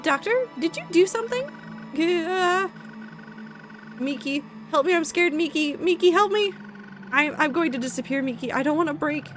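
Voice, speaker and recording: Woman streamer reads a pleading, panicky hacked man, higher-pitched and strained. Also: moderate pace, long pauses, soft background music, natural voice. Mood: terrified. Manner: pleading, frantic. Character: panicked man being erased by mind hacking. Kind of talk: reading game dialogue aloud.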